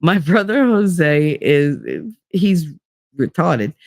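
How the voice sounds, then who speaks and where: A woman's voice: low voice, drawn-out words, no room sound, studio quality. A middle-aged woman vlogging in casual chat, blunt and profane as she tells stories from home life. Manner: blunt, profane, animated storytelling.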